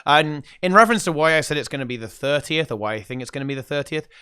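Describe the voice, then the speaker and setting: A man co-hosting a casual gaming chat show, excitable and peppering his talk with "okay?" and "dude". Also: fairly high pitch, fast, clean tone, dry recording, studio quality. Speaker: podcast co-host.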